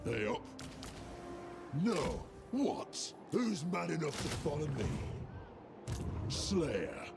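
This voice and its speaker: An actor playing a grim, oath-bound old dwarf slayer king for a video game, with a dramatic, gravelly delivery. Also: fairly high pitch, huge pitch swings, extremely slow, heavily acted. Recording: game audio over music and ambience.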